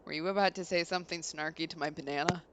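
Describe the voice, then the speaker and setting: A woman's voice: sits low, quick pace, very noisy. A woman hosting a let's play, chatting casually and bluntly and reading game story text aloud. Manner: casual, blunt, reads story lines in an even narrating tone.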